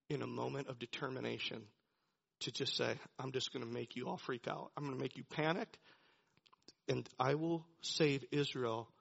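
Man doing a hushed solemn God voice, sermon quote, bright tone, dull lo-fi recording. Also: mid-range voice, creaky, breathy edge, voice pushed down, heavily acted. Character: God speaking, calm and all-powerful male deity.

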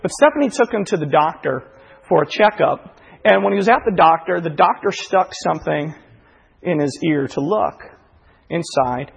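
A man's voice: fairly high pitch, expressive, moderate pace, vocal fry, breathy edge. A man preaching a sermon and telling a personal story earnestly, his voice swelling with emotion. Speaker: pastor. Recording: dull recording in a reverberant hall.

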